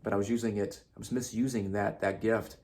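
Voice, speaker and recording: A man's voice: lowish voice, little pitch movement, fairly quick, a little mellow. A man giving an emphatic spiritual self-help monologue, repeating himself and swearing casually. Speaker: motivational speaker.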